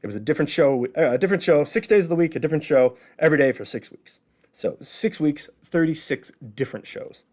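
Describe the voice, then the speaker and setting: Speaking fast in a fairly high, slightly mellow voice, a Chicago-accented man from Illinois in the Midwest hosts a solo show. He chats casually through an educational monologue, explaining things by posing rhetorical questions and answering them himself.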